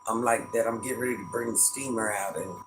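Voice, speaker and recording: Over music on poor audio, a fast-talking man with a fairly low voice reads viewer comments in a casual live stream. He's sassy, repeats himself, calls viewers "baby," and is a little stuffy from allergies, with loud background noise and air conditioner hum.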